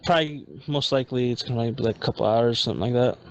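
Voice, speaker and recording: A man's voice: mid-range voice, very fast. A young man co-hosting a podcast, chatting in an easygoing, laid-back way. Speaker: podcast co-host. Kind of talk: casual podcast chat. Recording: dull lo-fi sound.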